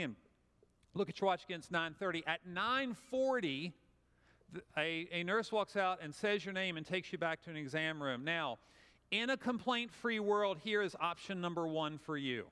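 A man's voice: a little high, expressive, moderate pace, bright, forceful tone, smooth. A man with a Southern US accent giving a conversational, humorous motivational talk, acting out little scenes for the audience. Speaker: speaker. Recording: long hall reverb.

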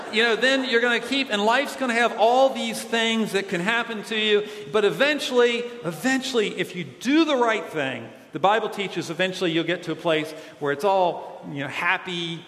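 A male pastor giving a playful, animated children's sermon with comic asides, in a church. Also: high-pitched. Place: church sanctuary. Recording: echoey hall.

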